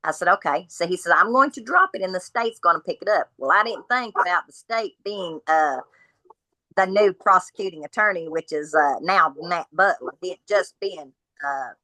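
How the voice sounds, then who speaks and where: A woman tells her story as a podcast guest, speaking bluntly and acting out each person's lines. Her voice sits low and lands with a forceful edge. The sound is dry and close. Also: no echo, rough recording. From Kentucky. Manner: blunt, animated retelling of dialogue.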